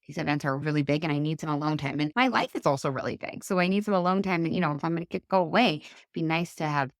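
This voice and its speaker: A woman in her thirties hosting a solo coaching podcast, chatty and animated, acting out the voices in her stories. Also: low voice, fast talker, no echo, clean studio sound. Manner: chatty, animated, acts out quoted dialogue. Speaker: podcast host and life coach.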